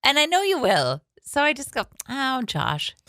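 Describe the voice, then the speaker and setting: A woman in her forties co-hosting morning radio, teasing and laughing often. Her voice is bright with a lively, swinging pitch, recorded dry and close. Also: brisk, no echo. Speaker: radio morning show co-host. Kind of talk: casual on-air banter.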